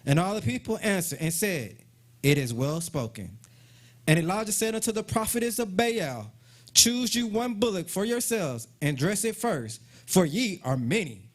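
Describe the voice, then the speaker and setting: A man's voice: sits high, expressive, moderate pace. A man reading Bible verses aloud at a live study, calling out verse numbers. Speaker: scripture reader.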